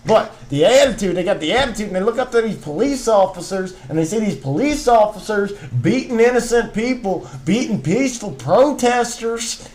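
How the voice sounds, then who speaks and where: High-voiced man hamming a Southern twang. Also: lively intonation, moderate pace, darkish tone. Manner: hams up a put-on Southern twang; repetitive, riffing, profane. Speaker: podcast co-host. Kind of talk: casual ranting chat.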